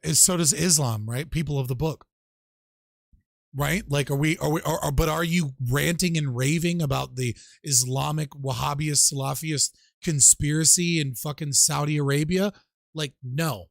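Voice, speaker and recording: A man hosting a casual online panel debate, retelling stories in a swearing, animated way and acting out the quotes. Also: on the high side, moderate pace, vocal fry, no echo. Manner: profane, animated storytelling with mock-quoted voices. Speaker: show host.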